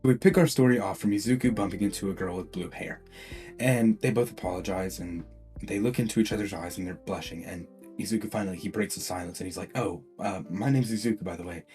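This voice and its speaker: Excitable young man telling a fan story. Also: deep voice, fast. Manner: excitable, slangy, many fillers. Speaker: YouTube storyteller. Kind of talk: casual fan-story narration. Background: faint background music.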